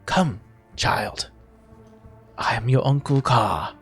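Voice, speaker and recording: A grave old mystic uncle, hunched and calm, talks low and slow in a tabletop game, his words sinking almost to a whisper. A man puts him on, in a voice close to his own at middling pitch. Faint music plays behind him. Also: husky, full character voice. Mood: hushed, grave.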